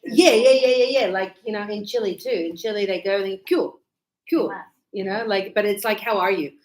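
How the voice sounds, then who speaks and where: A woman teaching an English lesson to a live class in a chatty, playful way, checking in with quick questions. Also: mid-range voice, echoey room, rough recording.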